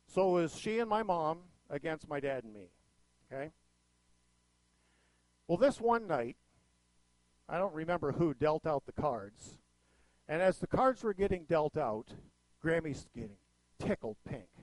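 Middle-aged guy preaching, storytelling sermon, pretty high voice, dry close sound. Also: a little slow, long pauses, no room sound, rough recording. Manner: storytelling with animated swings in pitch and loudness. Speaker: pastor.

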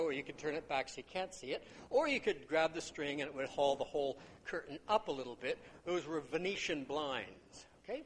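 An older man preaches in a relaxed, conversational way. His voice sits high for a man and swings widely up and down as he tells stories and acts out little quotes. A faint hum of room ambience sits under him. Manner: conversational storytelling with acted-out quotes. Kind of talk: sermon teaching on a parable.

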